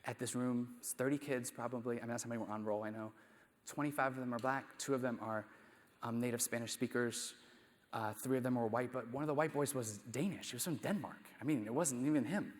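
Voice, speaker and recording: A man's voice: medium pitch, fairly quick. A man, a math teacher, giving a conversational conference talk full of rhetorical questions and self-deprecating asides. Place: conference hall. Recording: echoey hall.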